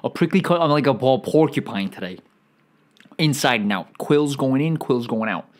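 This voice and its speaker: A man's voice: mid-range voice, animated, moderate pace. Rambling, profane male podcast host. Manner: profane, rambling, frequent restarts and stammers. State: feeling bloated and irritable. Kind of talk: rambling comedic monologue.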